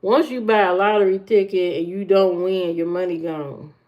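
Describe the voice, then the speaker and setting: Her voice sits on the low side, with fairly even intonation and normal speed. Hosting a casual livestream, she reacts to viewers with blunt dating opinions, heard through muffled, lo-fi audio.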